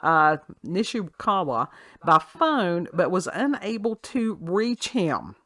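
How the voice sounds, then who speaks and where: A woman's voice: fairly low pitch, sing-song, takes it slowly, fairly bright tone, dry recording. A woman hosting a casual talk show, reading a news story aloud with sarcastic asides and frequent laughs. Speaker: podcast host. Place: at home with her child nearby.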